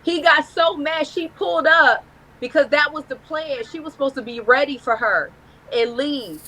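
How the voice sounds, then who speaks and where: A woman's voice: sits high, rough recording. A woman, a guest telling a blunt, profane story in a casual live-stream interview. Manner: candid, profane, animated storytelling.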